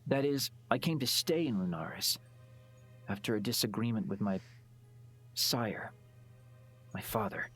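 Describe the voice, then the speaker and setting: A husky young demon in a visual novel, guarded and uneasy, his words coming out quiet and careful, as a man voices him. Faint music plays under his voice. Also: fairly low pitch, a little slow, pauses often. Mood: solemn. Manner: quiet and hesitant, then pleading.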